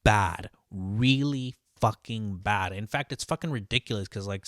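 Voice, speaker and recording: A man's voice: on the low side, moderate pace, few pauses, a bit bright, no room sound, studio quality. A man who works as a line cook tells a story in a casual, rambling monologue. He swears constantly, leans on "like" and "dude", and often restarts his sentences. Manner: profane and heated, heavy on "like" and "dude".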